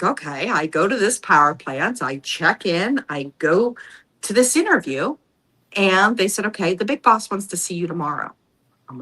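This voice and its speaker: Bright-voiced woman telling stories. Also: medium pitch, low-quality recording. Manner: animated, acts out voices in her stories. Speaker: podcast guest, psychic. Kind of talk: casual storytelling.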